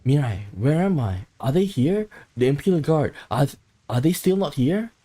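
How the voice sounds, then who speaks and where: A man's voice: a little high, sing-song, normal speed, warm tone, voice pushed up. A man voicing a wounded young man who pleads in frantic, broken phrases. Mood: panicked.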